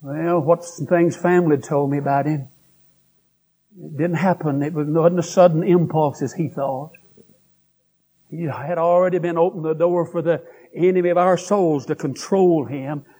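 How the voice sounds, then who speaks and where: A man preaches in a husky, fairly high voice. He is folksy and emphatic, swinging from high exclamations to low, heavy asides. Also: fairly even intonation, normal speed, dark tone. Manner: folksy and emphatic, with pitch that leaps up and sinks low. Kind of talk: revival-style sermon.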